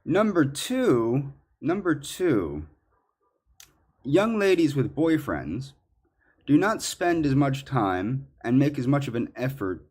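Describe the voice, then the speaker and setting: Man, ranting monologue, accusatory, indignant, many fillers, mid pitch that swings a lot. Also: very animated, slow pace, darkish tone, husky. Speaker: commentary subject in clips.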